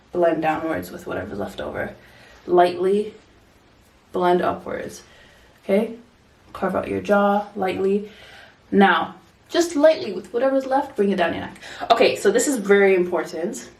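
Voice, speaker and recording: A woman's voice: medium pitch, gravelly, darkish tone. A woman, giving a chatty, direct makeup tutorial as a vlogger. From Toronto, Canada. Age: 30s. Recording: echoey room, distant mic.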